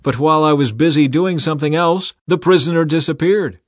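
A man's voice: fairly high pitch, a little fast, no room sound, studio quality, pitched above the performer's own voice, natural voice. A man doing an urgent disguised prophet. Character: wounded disguised male prophet pleading.

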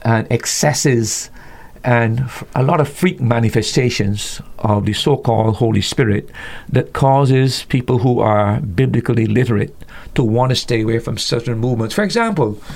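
A man's voice: medium pitch, moderate pace, gravelly, a little mellow. A man explaining church doctrine as an interview guest, emphatic, often restarting and repeating words, with his voice jumping up when he scorns excesses. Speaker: guest Bible teacher. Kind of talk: conversational interview teaching.

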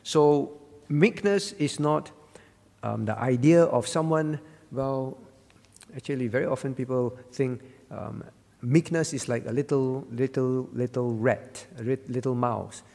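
A man's voice: medium pitch, measured pace, creaky, darkish tone, in a large hall. A male pastor preaching a sermon at a prayer meeting, earnest, teaching with rhetorical questions and fillers. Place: church.

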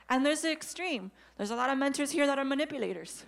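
A woman in her thirties preaching a sermon to young people, animated and emphatic. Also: high voice, quick pace, creaky, hardly any pauses. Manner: animated, acts out quotes, rising to emphatic declarations. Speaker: youth preacher.

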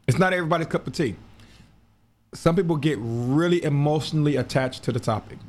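A man hosting a show, talking in a casual, rambling monologue that repeats words and breaks into laughs. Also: medium pitch. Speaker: podcast host.

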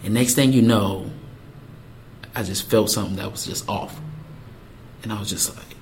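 A young man casually telling a personal story, acting out the quoted lines in lively voices. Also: fairly low pitch, normal speed, pauses often, a little hiss or hum. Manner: animated, acts out quotes with voices.

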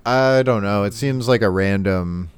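A man chatting casually as a podcast co-host, recapping a cartoon episode and acting out the characters' lines in quick voices. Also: on the low side, clear, resonant tone, no room sound.

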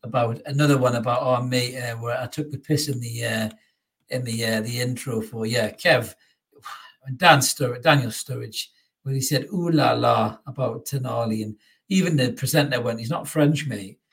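A man's voice: medium pitch, steady tone, moderate pace, a bit bright. A man over 38, hosting a casual football chat with blunt, sweary banter. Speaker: podcast host.

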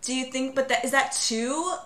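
A woman's voice: high-pitched, moderate pace, reverberant, background noise. A woman in her thirties co-hosting a podcast, chatting casually, rambling with fillers and laughing often. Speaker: podcast co-host. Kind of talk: casual chat.

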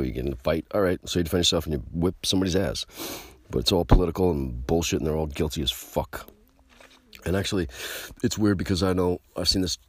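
A man's voice: a bass voice, breathy edge, no echo. A man ranting casually to the camera in a rambling, profane, emphatic way.

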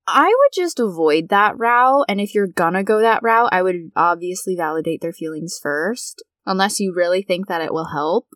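Woman, early twenties, solo podcast host; casual, frank delivery with plenty of cursing, slightly low voice, dry recording. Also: a bit bright, no echo. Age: 20s. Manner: candid, blunt, swears freely.

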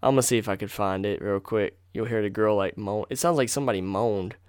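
A man's voice: lowish voice, brisk, clean tone, dry recording. Rambling young man, dry close mic. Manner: rambling, excitable, swears freely. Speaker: podcast host. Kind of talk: casual storytelling podcast. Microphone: desk microphone on a box.

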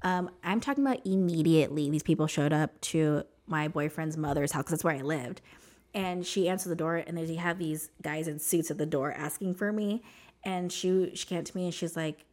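Woman guest, interview; slightly low voice, animated storytelling full of "like", acts out other people's lines. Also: normal speed. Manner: animated, says "like" a lot, acts out what others said. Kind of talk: personal storytelling in casual conversation.

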